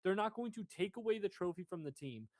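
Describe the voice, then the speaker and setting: A man's voice: high voice, animated, fast talker, darkish tone, dry recording. A young man in casual sports chat, emphatic and swearing as he argues his point. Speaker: podcast co-host.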